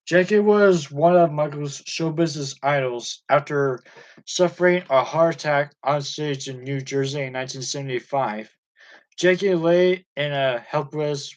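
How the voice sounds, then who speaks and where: A man's voice: on the high side, normal speed, rough recording. Man reading a biography aloud. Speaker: audiobook reader.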